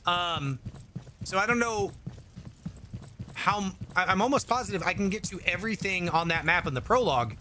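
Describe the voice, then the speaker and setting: A man's voice: high voice, lively intonation, normal speed, long pauses, bright, forceful tone, slight background noise. A man streaming a game, rambling and joking in casual commentary while reading chat aloud. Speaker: gaming streamer.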